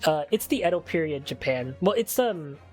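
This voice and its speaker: A woman's voice: deep voice, expressive, a little mellow, faint music behind. A woman streamer casually commenting while playing a game, chatty and thinking aloud. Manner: chatty, quick laughs and restarts, thinking aloud. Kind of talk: casual let's-play commentary, reading game dialogue aloud.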